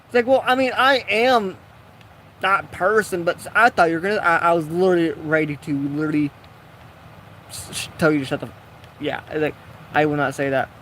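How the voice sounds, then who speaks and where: A man's voice: a little high, steady tone, brisk, a bit bright, a little hiss or hum. A man casually telling a rambling, jokey story while building in a game, acting out the people he quotes. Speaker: gaming video creator.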